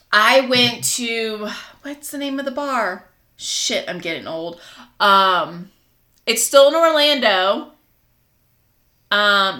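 Bright-voiced woman telling stories, echoey room. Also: medium pitch. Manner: frank, profane, laughing storyteller. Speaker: podcast co-host. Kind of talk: casual storytelling chat.

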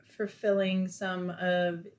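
A woman's voice: on the low side, flat delivery, slow. A woman in her thirties hosting a casual podcast, asking questions with a teasing, playful touch. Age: 30s. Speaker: podcast host. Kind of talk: casual interview chat.

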